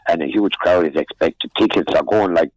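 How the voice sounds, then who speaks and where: A man's voice: low-pitched, a little fast, dry recording, poor audio. An older Irish man chatting on local radio in a rambling, folksy way, often calling the host "friend". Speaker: regular radio contributor. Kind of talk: casual local news chat. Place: radio studio or phone-in.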